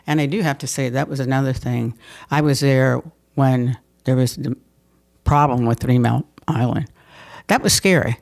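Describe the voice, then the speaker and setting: A woman's voice: rumbling low, moderate pace, gravelly. Older woman telling stories. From Pennsylvania. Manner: lively, laughs often, repeats words as she restarts. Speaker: mayor telling her life story. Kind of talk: conversational storytelling interview.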